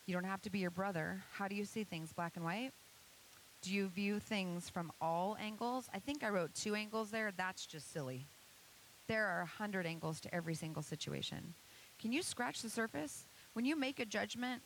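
A woman with a medium-pitched voice gives an earnest church presentation, posing many rhetorical questions in a motivational talk to her audience. The recording is rough, with a slight hiss or hum.

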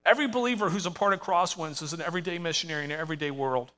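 A man's voice: fairly high pitch, racing, a bit bright. A middle-aged man preaching a sermon with passion, building to emphatic calls to his congregation. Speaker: pastor. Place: church sanctuary with live congregation.

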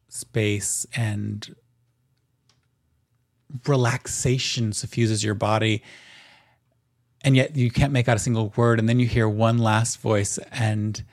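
A man narrating a tabletop game as game master in a calm, descriptive way. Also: on the low side, dry recording, studio quality.

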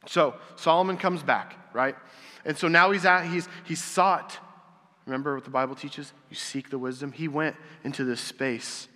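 A man's voice: fairly high pitch, sharp tone. A man preaching a casual, conversational sermon, asking rhetorical questions and acting out quotes. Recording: long hall reverb.

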